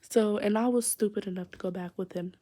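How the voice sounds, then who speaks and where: Teen girl vlogger, casual storytime delivery, mellow tone, slips into whispers. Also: medium pitch, fairly even intonation, a little fast. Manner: chatty, rambling, drops into whispers for secrets.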